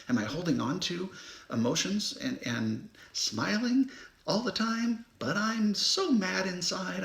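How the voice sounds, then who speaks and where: A man with a gravelly, creaky voice gives a loose spiritual talk straight to his viewers. He rambles from thought to thought and keeps checking in with "right?". The recording rings with a roomy echo. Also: mid-range voice, fairly bright tone. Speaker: spiritual vlogger. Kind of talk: casual spiritual monologue.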